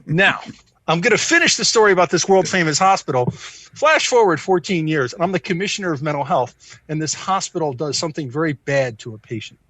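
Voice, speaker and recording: American man in his sixties, lively storytelling voice, bright tone, dry close sound. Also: a little high, fairly quick, dry recording. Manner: animated, self-deprecating storyteller. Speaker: psychiatrist guest. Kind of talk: conversational storytelling.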